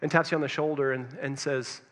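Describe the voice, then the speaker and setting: Fast, bright-voiced preacher in a hall. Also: male voice, medium pitch, steady tone. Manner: storytelling, addresses listeners directly, swings between loud and hushed. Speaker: pastor. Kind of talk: sermon.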